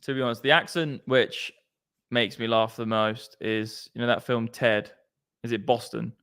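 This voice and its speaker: A man's voice: mid-range voice, fairly even intonation, moderate pace, a bit bright, clear, resonant tone. A man hosting a casual crypto livestream, chatty and slangy, swearing freely. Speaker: crypto stream host.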